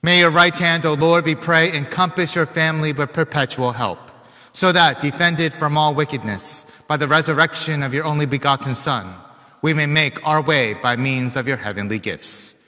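Man, priest, liturgical prayer, bright tone, long church reverb. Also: fairly high pitch. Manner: measured, formal recitation.

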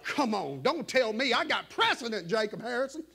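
Male preacher, very high voice, fervent, shouts then drops to a hush. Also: big pitch swings, moderate pace, gravelly. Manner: fervent, swinging between shouting and hushed asides. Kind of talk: sermon.

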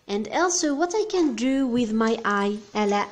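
A woman with Arabic as her first language teaching beginner English, patient and slow, spelling out words and checking "okay?" often. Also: fairly high pitch, lively intonation.

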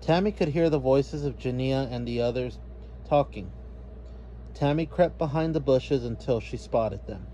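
A man reading a children's story aloud as narrator, in a measured way. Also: medium pitch, warm tone, slight background noise.

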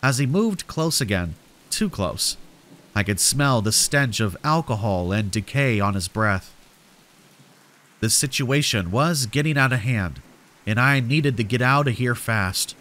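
A man narrating scripted horror stories for sleep in a steady, measured way. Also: medium pitch.

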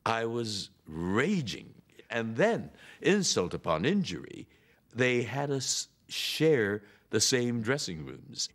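A man's voice: medium pitch, very animated, takes it slowly, a bit bright. A man being interviewed, dryly telling an aggrieved story about an old grievance. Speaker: interviewee, actor.

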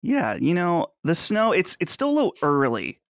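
A man's voice: on the high side, wildly swooping pitch, moderate pace, no echo, clean studio sound. A man in his thirties from Western Pennsylvania, hosting a casual podcast chat in a chatty, joking way. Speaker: podcast host.

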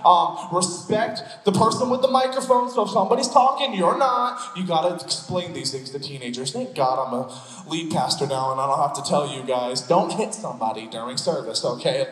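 A male pastor preaching a sermon, telling stories with an animated, playful manner and quick asides. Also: fairly high pitch. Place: church sanctuary. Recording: echoey church hall.

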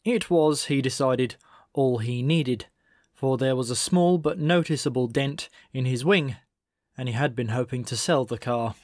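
A man narrates a comic novel as an audiobook, measured and wry in his delivery. His voice sits at a middle pitch and is recorded close and dry, with no room sound. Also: darkish tone, no room sound. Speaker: audiobook reader. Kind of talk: scripted narration.

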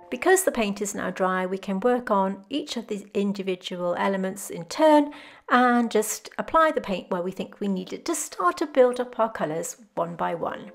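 Woman painting teacher, gentle and unhurried, slight vocal fry, soft music underneath. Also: medium pitch. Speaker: botanical art teacher. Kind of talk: calm step-by-step painting tutorial. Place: home studio with glass roof.

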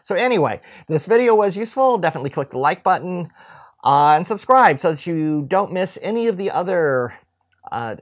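A man's voice: sits high, sing-song, fairly quick. A middle-aged man giving a casual coding tutorial, chatty and self-deprecating, often restarting his phrases. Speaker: instructor.

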